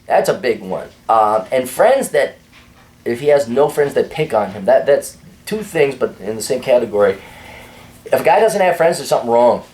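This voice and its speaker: A man's voice: medium pitch, big pitch swings, moderate pace, a little mellow. A man hosting a casual opinion monologue in a blunt, crude and sardonic way. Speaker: host.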